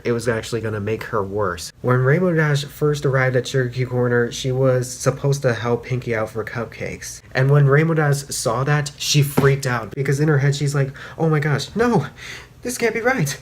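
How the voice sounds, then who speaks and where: A man talks through a story in a loose, casual review, piling on fillers as he goes. His voice sits at a middling pitch and his retelling runs excitable and rambling. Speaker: fanfic reviewer.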